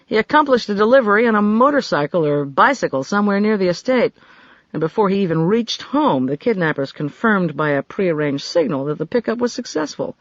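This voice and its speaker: A man voicing an eager, fretful male assistant who is quick to question and grow irritable. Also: high voice, animated, no room sound, dull audio, voice pushed up.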